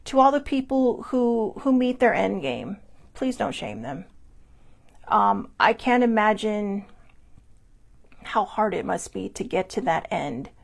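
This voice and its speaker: A woman's voice: mid-range voice, sing-song, slow, gravelly. A woman hosting a personal mental health talk, speaking in a candid, confessional way. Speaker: host.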